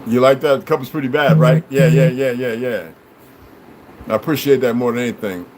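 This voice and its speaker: A man's voice: medium pitch, a little fast, a little mellow, a little hiss or hum, poor audio. A man hosting a livestream, talking to his viewers in a blunt, profane, preachy way. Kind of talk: rambling casual livestream chat.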